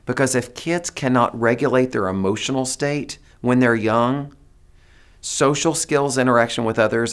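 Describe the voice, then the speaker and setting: A man giving a presentation to teachers, animated and demonstrative, coaxing the audience to repeat phrases. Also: on the low side. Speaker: teacher trainer.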